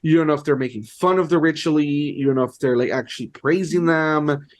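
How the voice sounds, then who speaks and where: Young man, podcast co-host, casual rambling chat, lots of "like", voice a bit high. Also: fairly quick. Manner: rambling, heavy use of "like", amused.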